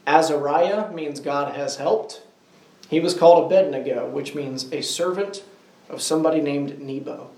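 A man leads a Bible study in a meeting room, asking his small group questions and drawing out key words slowly. His voice sits a little high and is picked up from some distance, with a roomy echo around it. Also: darkish tone. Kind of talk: interactive Bible class teaching.

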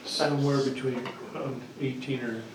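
A man's voice: mid-range voice, fairly even intonation, moderate pace, a little hiss or hum. A man in a Bible study group answering a question with hesitation. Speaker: class member. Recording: far off in an echoey room.

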